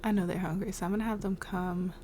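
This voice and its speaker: A woman's voice: medium pitch, fairly even intonation, fast, warm tone, slight background noise. A woman hosting a life-sim game playthrough, chatting casually about what her characters are doing and laughing often. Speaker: let's play host. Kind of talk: casual gameplay commentary.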